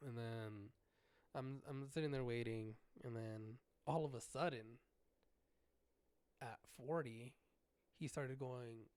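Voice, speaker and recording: A man hosting a podcast, telling an animated story with heavy cursing and frequent restarts. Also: mid-range voice, slow, long pauses, clear, resonant tone, no room sound. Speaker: podcast host. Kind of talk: casual solo storytelling.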